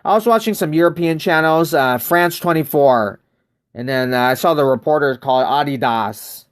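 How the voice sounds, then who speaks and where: A man's voice: a little high, moderate pace, clean tone. An American man chatting casually on a live game stream, greeting viewers by name and wandering through loose, rambling asides. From United States.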